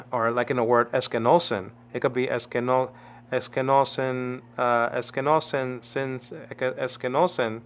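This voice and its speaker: A man's voice: mid-range voice, steady tone, measured pace. A man giving an informal Bible Greek lesson, rambling and often checking in with "okay?" and "you understand?". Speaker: Greek language teacher.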